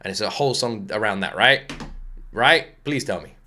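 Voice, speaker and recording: A British man hosting a music reaction channel, telling a rambling, excitable story in a casual chat to the camera from his home office. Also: lowish voice, fast talker, slight background noise.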